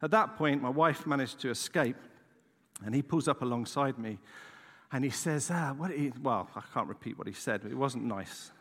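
A man's voice: medium pitch, moderate pace, a bit bright. Male pastor, middle-aged, storytelling sermon, self-deprecating, long church reverb.

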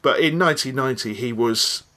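Man co-hosting a podcast, mid-pitched voice, emphatic and opinionated. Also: fairly quick, sharp tone. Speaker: podcast co-host. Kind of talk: casual podcast chat.

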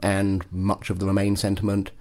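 A man giving measured, speculative political analysis as a podcast panelist. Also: low-pitched, monotone, a little mellow. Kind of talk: analytical discussion.

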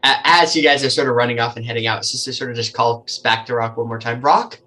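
Woman gm narrating, lots of "like", bright voice, faint music. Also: extremely low pitch, steady tone, fast. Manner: loose, filler-heavy narration. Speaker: game master. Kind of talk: narrating a tabletop game.

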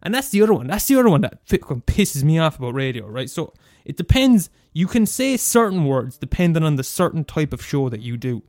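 Leaning high and fairly quick with few pauses, the young Irish man, in his twenties, swears freely while ranting casually as a student radio host. It's studio-quality audio with no echo.

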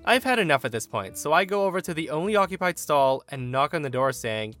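A man reads a forum story aloud with animated storytelling energy. His voice sits a bit high and rises and falls widely, while soft music plays quietly underneath. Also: fairly quick. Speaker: story narrator.

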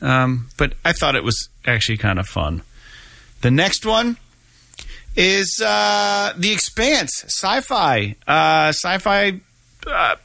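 A man's voice: high voice, very animated, slow pace, vocal fry, bright, forceful tone, no echo. A man hosting a casual gaming news podcast, talking loosely with lots of swearing and filler words. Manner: profane, rambling, lots of fillers. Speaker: podcast host.

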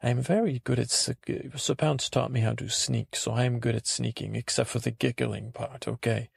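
A man rambling naively through a comic podcast monologue in character, halting often and acting out what others said. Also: mid-range voice, fairly even intonation, gravelly, husky, no room sound. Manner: acts out quotes in silly voices.

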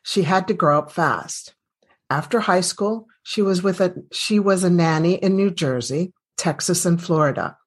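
A woman's voice: on the low side, moderate pace, breathy edge. A middle-aged woman hosting a casual interview, chatty and laughing often. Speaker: podcast host, medical doctor.

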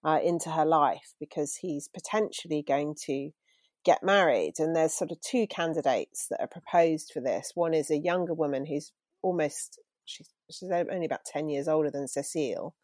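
Woman, lower register, dry close sound; thoughtful, self-deprecating book talk. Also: normal speed, darkish tone, dry recording. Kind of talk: casual book chat.

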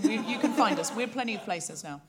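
A woman's voice: fairly high pitch, lively intonation, brisk, over loud music. A woman with an Australian accent hosting a live comedy podcast, teasing and laughing often as she talks. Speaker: host. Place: theatre stage with audience.

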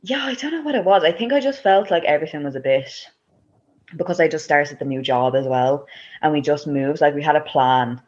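A woman's voice: low voice, brisk, a little mellow, muffled recording. A young Irish woman in her twenties, telling a personal story as a guest in casual chat, with lots of "like" and laughter. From Ireland. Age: 20s. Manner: chatty, full of "like" and laughs.

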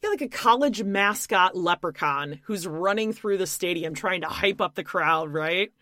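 A woman's voice: fairly low pitch, expressive, moderate pace, sharp tone, no echo. A woman co-hosting a casual chat, with wry, sarcastic asides. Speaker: podcast co-host. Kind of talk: casual chat recapping a reality show.

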